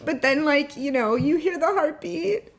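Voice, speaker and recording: A woman in her thirties with a high, slightly slow voice, appearing as a podcast guest. She tells her own emotional story in a chatty way, packed with "like" and "you know," and sometimes comes close to tears.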